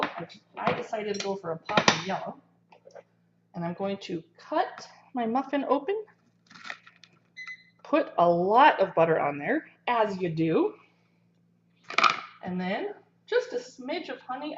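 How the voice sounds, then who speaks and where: A woman's voice: mid-range voice, slight background noise. A woman hosting a casual cooking livestream from her home kitchen, chatting to viewers as she cooks and eats. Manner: chatty, talks while eating and cooking. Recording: echoey kitchen, slightly dull sound.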